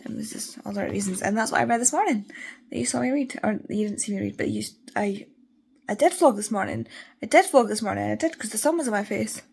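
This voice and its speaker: A tired young woman talks to the camera in a loose, rambling way, her nose sniffly as she chats. Her pitch sits in an ordinary middle range. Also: quick pace, vocal fry, darkish tone, slightly rough. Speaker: book vlogger. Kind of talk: casual reading vlog.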